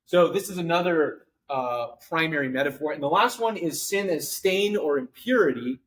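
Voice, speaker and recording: A man's voice: fairly high pitch, expressive, normal speed, a bit bright, poor audio. A man giving a conversational classroom lecture on the Bible, loose and unscripted, with frequent fillers and restarts.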